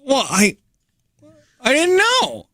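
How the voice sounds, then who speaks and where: A man co-hosting a morning radio show, firing off quick wisecracks and laughing at his own jokes in a studio. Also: extremely high pitch, huge pitch swings, gravelly, sharp tone, dry recording. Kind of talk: casual morning radio banter. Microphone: studio microphone.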